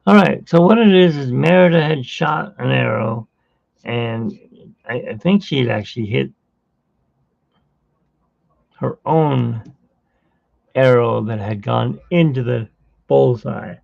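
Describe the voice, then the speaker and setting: Very gravelly, tired man on a tinny line. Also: medium pitch, unhurried, a little mellow, dry recording. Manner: rambling storyteller, hums while working. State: tired from little sleep. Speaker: artist hosting a live drawing stream. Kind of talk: casual live-stream chat while drawing.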